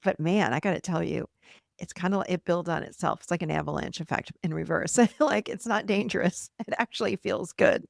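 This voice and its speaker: Gravelly-voiced woman podcast host. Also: on the low side, a little fast, no echo, studio quality. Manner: warm encouraging, lively acted quotes. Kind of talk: casual solo podcast talk.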